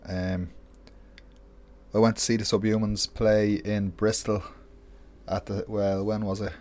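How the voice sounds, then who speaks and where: A man's voice: fairly low pitch, level tone, unhurried, a little mellow. A man hosting a music show, introducing a track in an enthusiastic, loose, chatty way. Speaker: radio show host. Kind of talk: casual song introduction.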